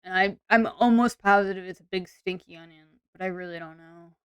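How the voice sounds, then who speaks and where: A woman streamer talks casually and rambles with lots of fillers. Her voice is smooth and clear, at a middle pitch, recorded dry and close. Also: fairly quick, no echo. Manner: chatty and rambling, many "like" and "um" fillers.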